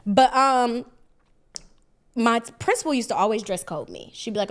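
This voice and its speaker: A woman co-hosting a podcast in a relaxed, chatty way, often murmuring agreement. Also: fairly high pitch, normal speed. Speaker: podcast co-host. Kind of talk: casual chat.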